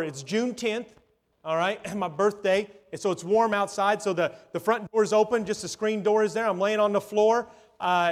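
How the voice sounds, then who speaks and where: Middle-aged preacher, high voice, dramatic loud-and-soft sermon delivery. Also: male voice. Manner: storytelling, swings from loud to hushed, dramatic pauses.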